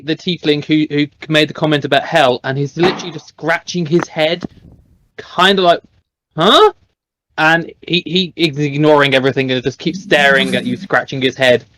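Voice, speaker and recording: A man's voice: a little high, normal speed, a bit bright, no echo, rough recording. A man playing a tabletop role-playing game, narrating his character in a hesitant, amused way with fillers. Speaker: player.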